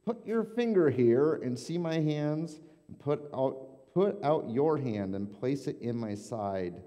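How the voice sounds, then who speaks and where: A pastor acting out a calm but commanding holy teacher figure during a sermon, in a church sanctuary. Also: male voice, medium pitch, slow pace, voice pushed up. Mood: solemn. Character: calm commanding male teacher speaking peace. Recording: long church hall reverb.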